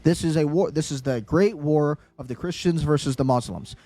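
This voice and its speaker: A man's voice: fairly high pitch, moderate pace, mellow, no room sound. A man hosting a solo political commentary show, talking in an agitated, insistent way and repeating his phrases for emphasis.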